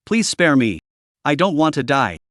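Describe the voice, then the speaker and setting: A man's voice: on the high side, sing-song, normal speed, fairly bright tone, no echo, studio quality. A man voicing a cowardly young man who whines and pleads for his life in a narrated story. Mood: pleading. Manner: pleading, whining.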